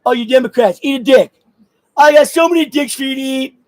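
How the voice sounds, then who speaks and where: A man ranting to camera in a crude, angry way, with sudden bursts of shouting and laughter. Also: very high voice, brisk, slight background noise, poor audio. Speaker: vlogger. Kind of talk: profane political rant to camera.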